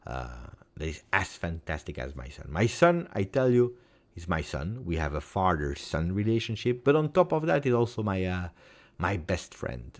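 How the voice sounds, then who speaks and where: A man in his forties with an Italian accent, hosting a casual live stream, emotional and repeating himself. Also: very deep voice. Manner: emotional, repeats words, shifts between loud and soft. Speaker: football fan channel host.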